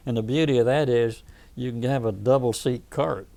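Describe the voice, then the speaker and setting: A man's voice: mid-range voice, normal speed, gravelly, dark tone. A man in his eighties with a Southern US accent, telling rambling stories in an oral history interview, often restarting his sentences. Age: 80s. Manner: rambling anecdotal storytelling, frequent restarts. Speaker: veteran interviewee.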